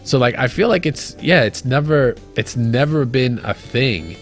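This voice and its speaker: A man co-hosting a podcast, talking in a loose, casual way with plenty of swearing and filler words. His voice sits at an average pitch. Faint music plays under the conversation. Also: lively intonation, a little slow. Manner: loose and profane, lots of fillers. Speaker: podcast co-host.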